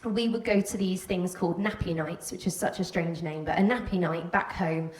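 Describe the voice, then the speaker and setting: A woman's voice: on the low side, moderate pace. Welsh-border woman telling a candid story. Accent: Welsh border English. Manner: candid, animated, acts out quoted voices. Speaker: stage speaker telling a personal story. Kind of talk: live personal storytelling talk. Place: stage before an audience. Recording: roomy hall, voice from a distance.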